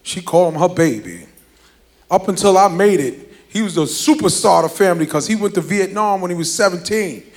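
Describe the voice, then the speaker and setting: A man performing a stand-up comedy routine, telling family stories animatedly and laughing through lines. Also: high voice.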